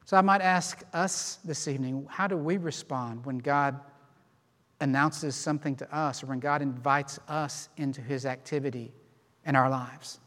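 A man preaching a sermon as a pastor, expressive and animated as he acts out people's responses, recorded in a church sanctuary. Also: medium pitch, normal speed. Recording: long hall reverb.

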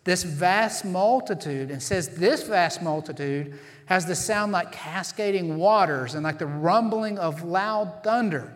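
Preaching as pastor, this high-voiced man sounds earnest and emphatic, deliberately slowing on the phrases that matter most. His sermon echoes with the long reverb of a big hall.

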